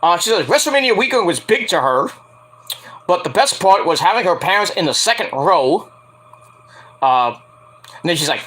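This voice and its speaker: Animated, sharp-voiced man ranting. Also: fairly high pitch, moderate pace, long pauses, slightly rough. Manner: animated, profane, sarcastic. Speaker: wrestling show reviewer. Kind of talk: casual rant-style recap.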